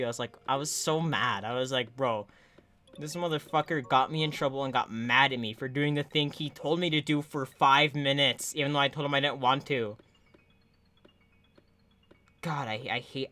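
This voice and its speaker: A woman co-hosting a podcast, telling a story in casual chat with lively, profane delivery that swings from loud to quiet. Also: normal speed. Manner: animated, profane storytelling, shifting from loud to low. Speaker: podcast co-host.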